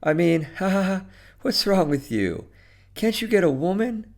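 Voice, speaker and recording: A man's voice: sits high, animated, measured pace, gravelly, a little mellow, pitched above the performer's own voice, exaggerated voice. A man reading a story, voicing a lonely middle-aged woman who sounds nervous and apologetic.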